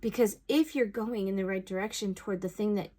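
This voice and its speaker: A woman's voice: mid-range voice, a little fast, warm tone. Rambling woman giving spiritual guidance. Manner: rambling and conversational, with bursts of exclaimed asides. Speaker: intuitive reader giving a collective message. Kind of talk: casual spiritual guidance talk.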